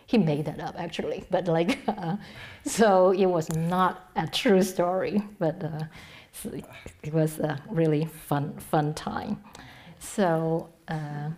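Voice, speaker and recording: A middle-aged woman teaching a Buddhist dharma talk in a low voice. She speaks haltingly, restarting her sentences, and her voice often sinks to a soft, breathy near-whisper. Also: fairly even intonation. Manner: halting, with many restarts and fillers.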